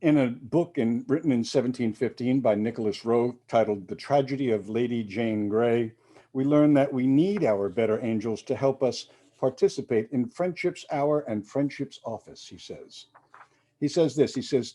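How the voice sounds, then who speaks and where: A man's voice: medium pitch, moderate pace, warm tone. A male minister giving a reflective sermon, with quoted readings and casual asides.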